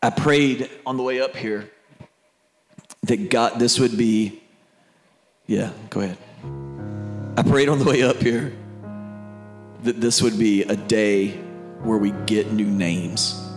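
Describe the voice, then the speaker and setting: A man's voice: lowish voice, fairly even intonation, takes it slowly, long pauses, soft background music. A man preaching a sermon, telling a family story in a conversational way and speaking to the crowd directly.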